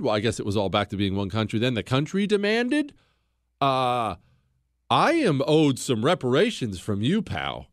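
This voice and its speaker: A man's voice: fairly high pitch, dry recording, clean studio sound. A man hosting a talk show, giving an emphatic, blunt history monologue and repeating phrases for stress.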